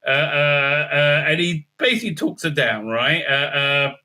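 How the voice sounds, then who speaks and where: High, sharp-toned male reviewer, halting and exasperated. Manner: hesitant, heavy filler sounds, exasperated outbursts. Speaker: TV episode reviewer. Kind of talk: rambling recap and review.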